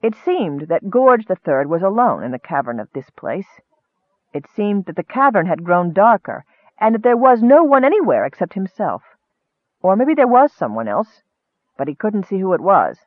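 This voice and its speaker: Expressive male audiobook narrator, high and animated; narrow, dry recording. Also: normal speed, no echo. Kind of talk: storybook narration.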